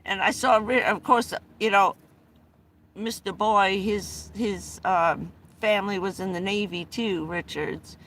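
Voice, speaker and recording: A woman's voice: mid-range voice, steady tone, a little slow, a bit bright, slight background noise. A middle-aged woman telling family stories casually on a livestream, rambling with frequent restarts and bursts of laughter, speaking from inside a vehicle. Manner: rambling, restarts often, laughs between anecdotes.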